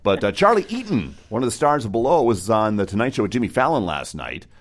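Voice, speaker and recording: A man's voice: lowish voice, sing-song. A man hosting a morning radio show in a studio, joking with his co-host and reading the traffic. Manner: jokey, then brisk reading of the traffic.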